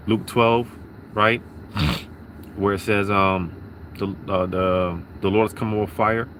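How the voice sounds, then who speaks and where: A man's voice: fairly low pitch, a bit bright, slight background noise. A man giving a rambling religious talk from his parked car, repeating himself with lots of fillers and sniffs. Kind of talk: casual religious monologue.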